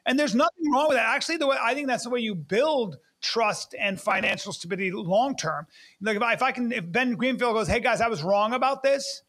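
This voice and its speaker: High bright-voiced male podcast host. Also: lively intonation, a little fast. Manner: emphatic, repeats words while searching for the point. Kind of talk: casual interview chat.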